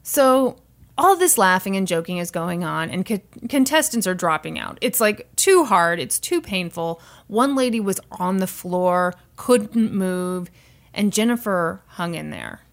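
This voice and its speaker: A woman's voice: on the low side, animated, a little slow, gravelly. A woman co-hosting a podcast, telling a story in casual chat and acting out quotes in exaggerated voices. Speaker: podcast co-host.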